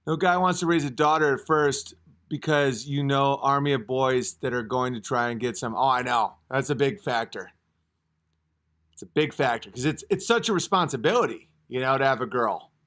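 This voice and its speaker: A man in his thirties hosting a casual livestream, rambling and joking as he answers chat comments. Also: medium pitch. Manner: rambling, joking, swings to loud acted outbursts. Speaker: livestream host.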